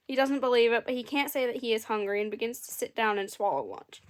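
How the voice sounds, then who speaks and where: A woman's voice: fairly high pitch, fast talker. Wry woman reading a storybook aloud. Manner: dry, amused commentary between readings.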